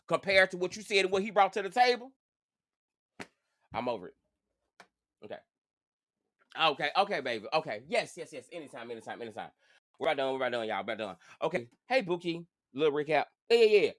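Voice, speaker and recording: A man's voice: on the high side, very animated, fast, long pauses, a bit bright, dry recording, clean studio sound. A man hosting a casual commentary vlog, sassy and profane, repeating phrases for emphasis. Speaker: channel host.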